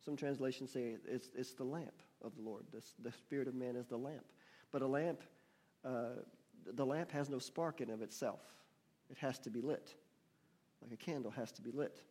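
A man preaching a sermon to his congregation, reading scripture slowly and with emphasis and asking the room for responses. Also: mid-range voice, darkish tone. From United States. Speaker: pastor. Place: church.

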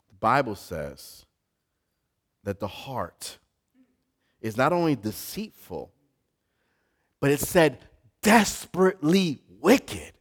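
A male pastor preaching a sermon to a live congregation, building from quiet talk to shouting. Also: mid-range voice, big pitch swings, slow pace, pauses often, slightly rough.

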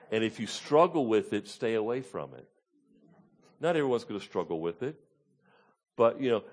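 A man, preaching an informal sermon to his congregation. His voice sits at an ordinary middle pitch. He teaches verse by verse and keeps asking "Okay?" and "Amen?" to check the room is with him. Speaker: pastor. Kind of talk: conversational sermon, Bible teaching.

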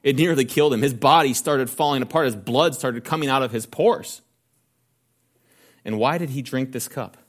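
A man preaching a sermon, asking rhetorical questions and slowing down to stress key phrases. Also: mid-range voice. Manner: earnest preaching with rhetorical questions, slows for emphasis. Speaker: pastor.

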